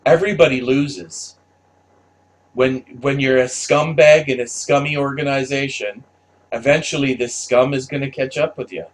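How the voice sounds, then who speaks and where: A man's voice: medium pitch, fairly even intonation, normal speed. Man ranting with heavy profanity. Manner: heated, profane, stammering repetitions. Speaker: commentator. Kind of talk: profane opinion rant.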